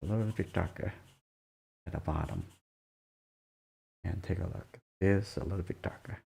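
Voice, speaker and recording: Soft-spoken gravelly drawing teacher. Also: male voice, low voice, fairly even intonation. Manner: soft-spoken, halting, murmurs while drawing. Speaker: drawing instructor. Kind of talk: live drawing demonstration.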